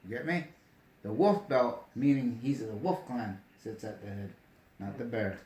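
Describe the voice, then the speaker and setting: A man tells a long story in an easy, conversational way. His delivery is emphatic and animated, and he keeps checking that the listener is following. His voice sits at an ordinary pitch, and the room around him is noticeably echoey. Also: moderate pace. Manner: animated, emphatic, asks "you get me?". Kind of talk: casual storytelling chat.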